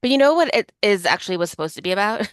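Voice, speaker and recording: A woman's voice: mid-range voice, expressive, fast talker, dry recording. A woman from Chicago co-hosting a podcast, chatting casually and rambling with lots of fillers. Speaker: podcast co-host. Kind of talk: casual chat.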